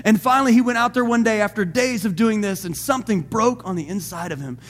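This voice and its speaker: A man's voice: high-pitched, quick pace. A man preaching a sermon to his congregation, building to emphatic calls and asking them questions. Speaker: pastor.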